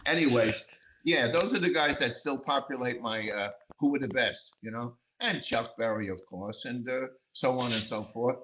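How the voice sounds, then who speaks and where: An older man from the Bronx, telling lively anecdotes as a guest, acting out voices and singing bits of songs. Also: medium pitch, normal speed, slight background noise, poor audio. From East Bronx, New York. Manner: animated raconteur, acts out voices and sings snatches. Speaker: magazine publisher, guest. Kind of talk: storytelling interview.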